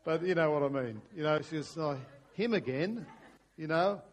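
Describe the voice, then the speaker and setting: A middle-aged man preaches in a casual, conversational way, often restarting his phrases. His voice sits a little higher than most men's, and at times it sinks to a hushed, prayerful tone. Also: brisk. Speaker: pastor. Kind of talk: sermon.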